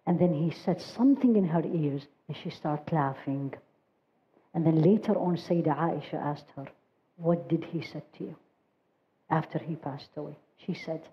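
Low-voiced woman giving an emotive sermon. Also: muffled recording. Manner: emotive storytelling, recites Arabic verses quickly. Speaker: religious teacher. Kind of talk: sermon storytelling.

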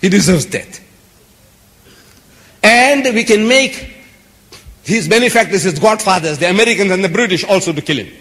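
This high-voiced man sounds expressive and fairly bright as he lectures passionately before a live crowd. Moderate in pace and broken by long pauses, his delivery is emphatic and repetitive, piling up lengthy lists, all captured in an echoey hall.

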